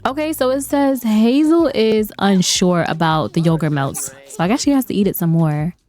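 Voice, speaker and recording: A young woman hosting a casual gaming video, chatty and animated, laughing often and talking to her viewers. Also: medium pitch, normal speed, faint music behind. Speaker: gaming channel host. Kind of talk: casual game commentary.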